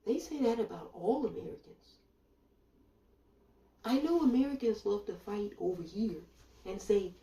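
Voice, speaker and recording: A woman delivers a blunt, sardonic monologue with a dark, mellow tone. Her voice sits a little back from the mic. The room gives it an echoey ring. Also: medium pitch, animated, measured pace, long pauses. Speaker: commentator. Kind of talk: opinion monologue. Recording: roomy sound from a distance.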